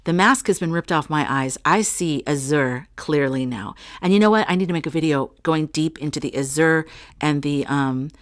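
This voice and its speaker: A woman's voice: low voice, moderate pace, dry recording, studio quality. A middle-aged woman hosting a casual spiritual vlog, rambling and talking straight to her viewers as she reads oracle cards. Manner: chatty and rambling, addresses viewers directly. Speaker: spiritual channel host.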